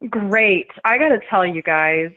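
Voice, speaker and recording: A woman's voice: medium pitch, expressive, a little slow, narrow, tinny audio. A woman calling in, chatty and full of fillers. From Oklahoma, USA. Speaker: call-in caller. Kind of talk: casual call-in chat.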